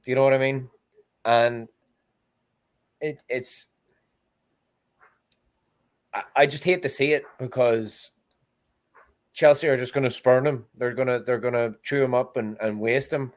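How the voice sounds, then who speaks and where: Halting man chatting football. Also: mid-range voice, fairly even intonation. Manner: hesitant, halting with many restarts. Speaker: podcast co-host. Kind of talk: casual football chat.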